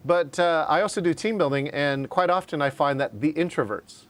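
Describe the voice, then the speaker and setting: A man's voice: a little high, moderate pace. A man teaching a live online class on virtual meetings, talking conversationally and often checking in with "right?". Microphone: video call.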